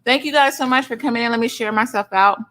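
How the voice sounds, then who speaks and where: A middle-aged woman hosting a livestream in casual chat, effusively greeting each viewer with loud, high greetings and calling people honey and sugar. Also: fast. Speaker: livestream host. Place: son's home streaming setup.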